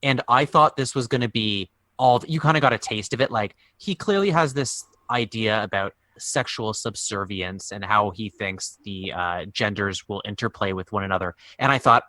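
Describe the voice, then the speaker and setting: A man's voice: on the low side, moderate pace, sharp tone, dry recording. A man co-hosting a podcast, offering wry, jokey commentary in casual chat. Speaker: podcast co-host.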